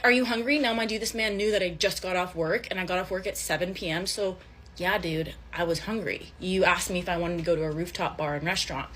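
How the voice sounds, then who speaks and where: A woman's voice: mid-range voice, a little hiss or hum. Chatty young woman telling a storytime. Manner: chatty, animated retelling with quoted dialogue. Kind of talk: casual storytime.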